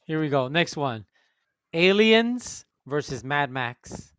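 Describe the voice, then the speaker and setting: A man with a smooth, clear voice and slightly higher pitch leads a casual group voice chat. He calls out options and counts votes in an upbeat way. The sound is close and dry. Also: animated, takes it slowly, fairly bright tone, dry recording. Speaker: host running a movie vote.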